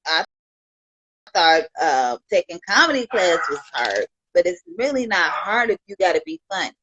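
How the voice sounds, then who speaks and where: A woman's voice: on the low side, very animated, moderate pace, a bit bright, no echo, muffled recording. A woman from Chicago on a livestream, talking with heartfelt, rambling thanks to her viewers and peppering her talk with "you know". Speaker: livestream host.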